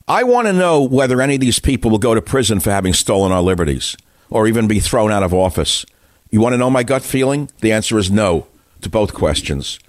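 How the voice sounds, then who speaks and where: A man's voice: on the low side, dry recording, clean studio sound. A man hosting a radio talk show, delivering an indignant monologue full of rhetorical questions.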